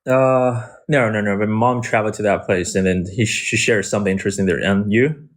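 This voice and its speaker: Brief: man, English, hesitant, halting explainer on a stream, lowish voice. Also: fairly even intonation. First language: Mandarin Chinese. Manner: hesitant, lots of fillers and restarts, explaining. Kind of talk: casual live-stream chat.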